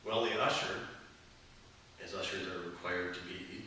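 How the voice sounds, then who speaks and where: Joking bishop in an echoey hall. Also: male voice, low voice, fairly even intonation, a little slow, bright, forceful tone, a little hiss or hum. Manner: storytelling, joking. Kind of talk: sermon. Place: gathering hall. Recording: echoey hall, mic from far off.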